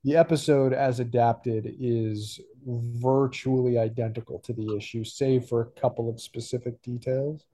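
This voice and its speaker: Male podcast co-host, warm and mellow, hesitant and reflective delivery. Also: mid-range voice, fairly even intonation, moderate pace, few pauses. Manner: thoughtful, hesitant with many fillers. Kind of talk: casual discussion.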